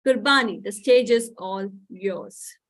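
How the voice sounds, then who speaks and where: A woman's voice: medium pitch, slow pace. A woman hosting a student performance event, effusive and heaping praise on performers. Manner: effusive, piles on praise words. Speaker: event host. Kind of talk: introducing performers.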